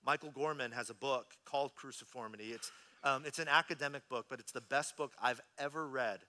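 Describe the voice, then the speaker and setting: A man in his thirties preaching a sermon as a pastor, telling a personal story in an animated, conversational way. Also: medium pitch, brisk.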